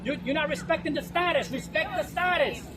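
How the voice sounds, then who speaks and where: A man confronting someone at an outdoor rally, loud and accusing, repeating his points over and over. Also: very high-pitched, a little fast. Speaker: street advocate. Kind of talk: heated street confrontation. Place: city street rally outdoors. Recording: noisy street with crowd and traffic.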